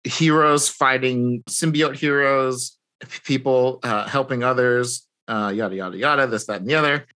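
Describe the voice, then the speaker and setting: Bright-voiced man recapping a comic plot. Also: medium pitch, normal speed. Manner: rambling retelling with fillers and acted-out quotes. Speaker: podcast co-host recapping comics. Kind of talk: casual chat.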